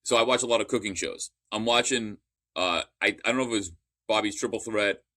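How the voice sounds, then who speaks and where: A man's voice: lowish voice, brisk, bright, forceful tone. A man in casual podcast chat, telling long rambling stories with restarts and the odd curse.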